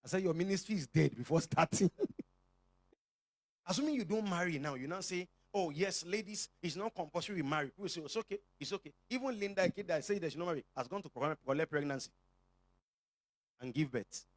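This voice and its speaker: A man's voice: fairly high pitch, lively intonation, fairly quick, no echo. A male pastor with a Nigerian accent preaching a sermon to his church, joking and calling for responses from the congregation.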